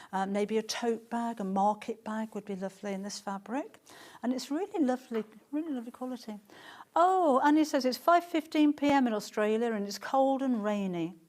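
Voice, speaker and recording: A woman's voice: fairly high pitch, moderate pace, a little mellow. Chatty woman presenting fabric live. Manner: chatty, gushing, reads out viewer comments. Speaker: shopping channel presenter.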